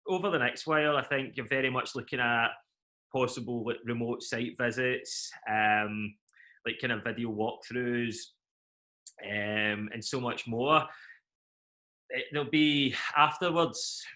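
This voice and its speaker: A young Scottish man with a strong Glasgow accent answers questions about his business. His voice is bright and forceful at a middling pitch. He fills his answers with ums and laughs easily. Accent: Glaswegian Scottish. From Scotland. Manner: many fillers, laughs easily. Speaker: event company chief, interview guest. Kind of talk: video interview answers.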